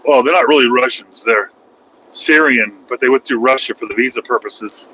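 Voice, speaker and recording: A man's voice: medium pitch, moderate pace, bright, forceful tone, slight background noise, poor audio. A man vlogging while driving his truck, rambling in a folksy, self-mocking way. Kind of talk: casual driving vlog. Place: truck cab on highway.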